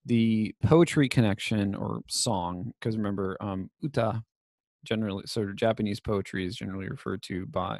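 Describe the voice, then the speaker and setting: A man giving a recorded course lecture, casual and digressive with many fillers, his voice slightly raspy from talking. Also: lowish voice, a little mellow, dry recording, clean studio sound.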